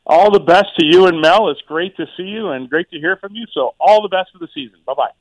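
A man's voice: high-pitched, dry recording, low-quality recording. A middle-aged man, a township mayor, talks casually as a radio guest, often restarting and repeating words. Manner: halting, many repeated words and fillers.

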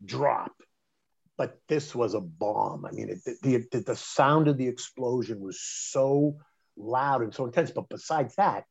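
A middle-aged man, telling a personal story in conversation, animated and emphatic, often restarting mid-phrase. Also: mid-range voice, a little slow, vocal fry, slightly rough. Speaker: interview guest recounting a personal story. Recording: dull lo-fi sound.

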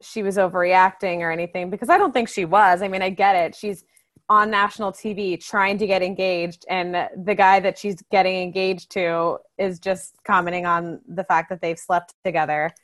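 A woman's voice: fairly low pitch, steady tone, normal speed, fairly bright tone. A young woman co-hosting a podcast in casual chat, talking loosely with lots of fillers. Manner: chatty, many fillers. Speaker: podcast co-host.

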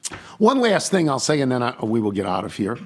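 Husky older man rambling through stories. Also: mid-range voice, very animated, quick pace. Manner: rambling storyteller, self-deprecating. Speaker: host. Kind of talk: casual chat.

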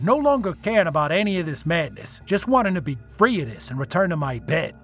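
A man narrates a tense first-person tale in a somewhat high voice, reading with dramatic feeling. Soft music plays faintly beneath him. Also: sing-song, brisk, few pauses.

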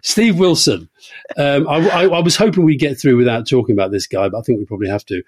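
A man's voice: mid-range voice, animated, very fast, a little mellow, no room sound. Give me a blunt, teasing middle-aged man on a podcast, recorded dry and close. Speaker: podcast co-host. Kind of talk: casual podcast chat.

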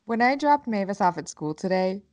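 A woman's voice: mid-range voice, expressive, brisk, darkish tone, no room sound. A woman co-hosting a podcast in casual chat, telling parenting stories candidly and swearing freely. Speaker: podcast co-host.

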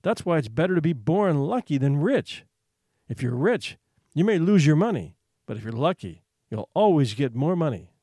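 A man voicing a bitter, weary mother, answering slowly with a raised, lively pitch. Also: no echo, studio quality. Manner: slow, bitter, sighing replies. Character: bitter, weary adult mother worried about money.

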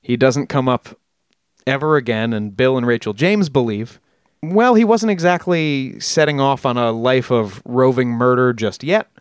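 A man's voice: mid-range voice, moderate pace, smooth, no echo, studio quality. A man hosting a podcast, telling a story in a casual, rambling way with jokey asides and frequent self-corrections. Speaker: podcast host.

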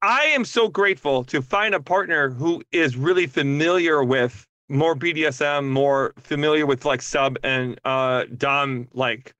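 Woman, podcast guest, animated, joking, swears a lot, bright forceful voice, dry close sound. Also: low-pitched, unhurried, few pauses, no room sound. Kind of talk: casual podcast chat.

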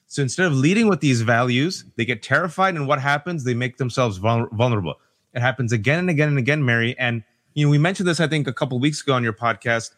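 A man speaking as a guest on a political podcast panel, emphatic and animated, talking in quick bursts and mimicking people as he argues. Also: a little high. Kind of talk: impassioned political podcast discussion.

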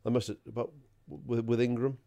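A man's voice: medium pitch, fairly even intonation, a little fast, vocal fry, mellow. A man, a podcast co-host, telling a rambling anecdote, swearing freely and laughing as he goes. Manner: swears freely, laughs through his story.

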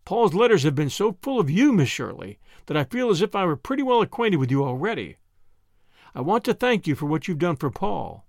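Man as a hearty middle-aged father, earnest, lively pitch, storybook. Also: a little fast, gravelly, no room sound, clean studio sound, heavily acted. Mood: grateful.

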